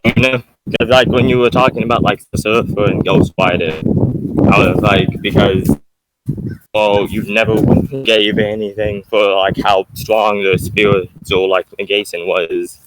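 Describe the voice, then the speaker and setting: A man's voice: on the low side, fairly even intonation, unhurried, heavy background noise. A young man in a casual online debate, arguing back with questions and rambling points. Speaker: debate opponent.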